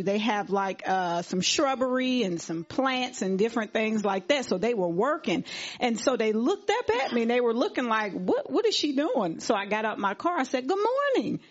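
A woman sharing a testimony at a church service, retelling a conversation and acting out what each person said. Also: a little high. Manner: animated retelling, acting out quoted dialogue. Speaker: congregation member giving testimony. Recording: dull lo-fi recording.

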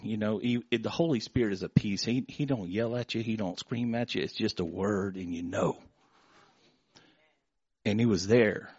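A man's voice: fairly low pitch, darkish tone, husky, no echo, highs cut off. Emotional man giving church testimony. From Florida. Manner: emotional, halting, with many restarts and repeated words. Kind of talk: spoken testimony before a congregation.

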